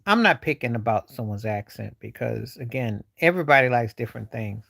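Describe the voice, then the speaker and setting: Gravelly guy rambling on a stream, slangy and loose, dry close sound. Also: medium pitch, expressive, fairly quick, a bit bright, dry recording. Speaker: livestream host. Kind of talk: casual chat answering viewers.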